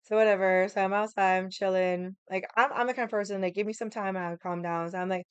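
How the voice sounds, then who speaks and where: A woman's voice: medium pitch, steady tone, fast talker, smooth, no room sound, dull audio. A woman telling a story at home, blunt, profane and heated. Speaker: vlogger. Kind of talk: casual storytelling. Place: home room with the AC running.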